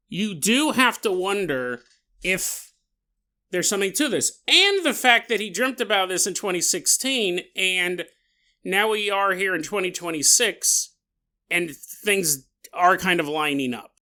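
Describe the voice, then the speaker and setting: A man hosting a podcast, telling a strange story in a casual, joking way and acting out scenes. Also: high-pitched. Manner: animated, joking, acts out scenes. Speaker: podcast host.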